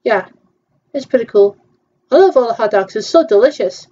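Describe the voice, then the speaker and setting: A woman's voice: on the high side, animated, moderate pace, mellow, dull audio. A woman chatting casually through a virtual theme-park tour, hesitant and playful, with frequent ums.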